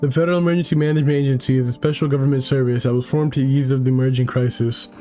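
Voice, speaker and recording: An official news announcer in a horror game, read by a man. He reads the bulletin in a measured, mellow voice, with faint music beneath. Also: mid-range voice, fairly even intonation, lightly acted. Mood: formal.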